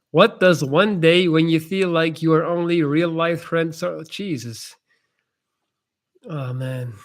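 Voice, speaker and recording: Blunt young man giving casual advice. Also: fairly high pitch. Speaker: host answering chat questions. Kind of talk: casual live-stream advice chat.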